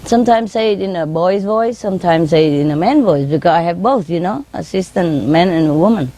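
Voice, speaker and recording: Woman teacher chatting to a crowd about her pets, lowish voice, broken english, laughs a lot and does little bird noises. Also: animated, a little fast, dark tone, low-quality recording. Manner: chatty, laughs often, playfully mimics her birds' chirps and calls; non-native English grammar, frequent "you know". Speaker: spiritual teacher. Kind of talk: informal anecdote told to an audience.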